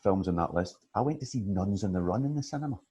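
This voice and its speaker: Man, scottish accent, middle-aged, casual podcast chat, low husky voice. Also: fast talker. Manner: animated, laughs often, chatty. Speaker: podcast co-host.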